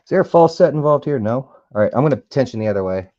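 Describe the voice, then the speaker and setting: A hobbyist lock picker films himself working a lock with a camera close by, talking very fast in an expressive, medium-pitched, dark-toned voice. He mutters and whispers to the pins, swears, and cracks jokes in a casual talk-along. The sound is dry, with the highs cut off.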